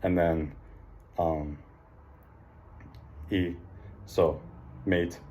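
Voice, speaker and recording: Male teacher, low mellow voice, upbeat praise, drawn-out letter sounds, filler-heavy. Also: fairly even intonation, slight background noise. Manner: encouraging, sounds out letters slowly; frequent fillers like um and like. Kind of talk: classroom phonics lesson.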